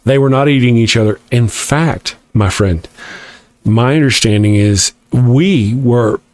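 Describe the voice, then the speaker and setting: Livestream host, male, mid pitch, dry sound; wry, rambling, sarcastic banter with chat. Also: a little slow, darkish tone, no echo. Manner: joking, sarcastic, rambling asides.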